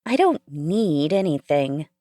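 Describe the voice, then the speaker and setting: A woman's voice: low voice, very animated, slow, dark tone, dry recording, clean studio sound, full character voice. A woman voicing a glum, listless pregnant woman who wants to be left alone. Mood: morose. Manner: morose and listless.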